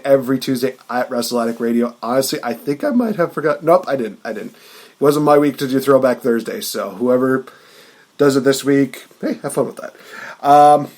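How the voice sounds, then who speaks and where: Energetic male podcast host, hype intros. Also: medium pitch. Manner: hype announcer flourishes, energetic. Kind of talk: casual wrestling podcast chat.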